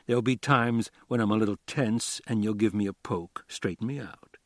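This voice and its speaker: A man's voice: fairly low pitch, moderate pace, no room sound, natural voice. A man reading an audiobook, playing a blunt, wisecracking homicide detective with a dry, easy manner. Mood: wry.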